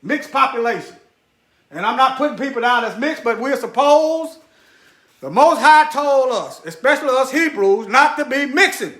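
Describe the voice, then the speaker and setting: A man with a very high, bright, sharp-edged voice gives preachy commentary straight to his viewers. He hammers points home by repeating short phrases and drops into muttered asides while hunting for things on screen. The sound bounces around a roomy, echoey space. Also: animated, moderate pace. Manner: repeats phrases for emphasis, talks directly to viewers.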